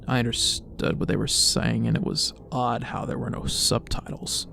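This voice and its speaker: A man's voice: mid-range voice, level tone, moderate pace, vocal fry, noisy background. A man reading a story aloud with comedic commentary, exasperated, stammering and swearing as he reacts. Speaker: creepypasta reviewer.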